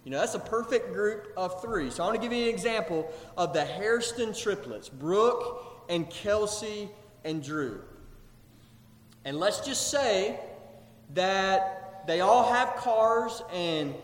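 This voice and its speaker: Man, pastor, high voice, animated sermon, echoey church hall. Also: takes it slowly. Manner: animated preaching, acts out quoted voices. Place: church sanctuary.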